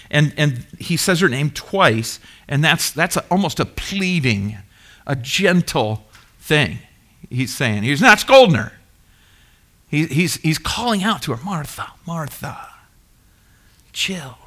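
A middle-aged male pastor preaches with a lively, swooping delivery, pushing his congregation with questions and waiting for them to answer. His voice sits a bit high for a man and has a bright, forceful edge. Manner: animated, emphatic preaching with call-and-response questions. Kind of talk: sermon.

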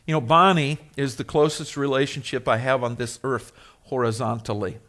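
A man's voice: mid-range voice, steady tone, moderate pace. Man preaching a conversational sermon. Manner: conversational, rising to emphatic then dropping soft. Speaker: pastor.

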